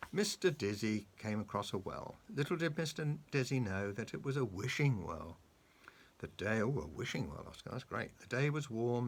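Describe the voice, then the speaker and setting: Animated man reading to a child. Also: mid-range voice, breathy edge. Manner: animated, coaxing, asks the child questions. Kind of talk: reading a children's story aloud.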